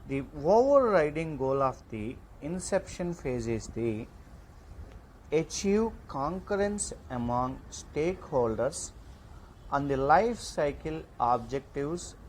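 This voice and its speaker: A man lecturing in an online class, reading slide points slowly and deliberately. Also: a little high, animated, a little mellow, a little hiss or hum, poor audio.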